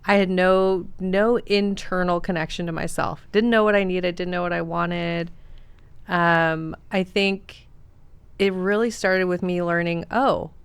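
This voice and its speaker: A woman podcast host and coach in a casual conversation, speaking in a reflective, measured and affirming way. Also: on the low side, fairly even intonation, clean tone.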